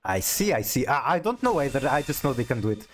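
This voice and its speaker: A man's voice: mid-range voice, sing-song, fast, faint music behind. A man streaming a card game, chatting casually with viewers, often stammering as he restarts sentences. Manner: chatty, stammers on restarts, reads chat aloud. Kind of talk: casual live-stream chat while playing a card game.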